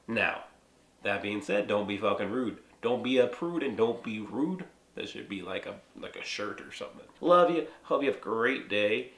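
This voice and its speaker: A young man from the United States explaining a topic in a casual, lively monologue, swearing freely and leaning on "like" and "right?". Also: lowish voice, moderate pace. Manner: lively, profane, frequent "like" and "right?". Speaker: vlogger. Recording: echoey room.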